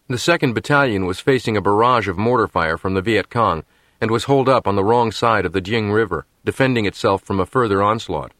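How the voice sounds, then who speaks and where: Low-voiced man narrating an audiobook. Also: dry recording, studio quality. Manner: measured, steady storytelling. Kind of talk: scripted narration.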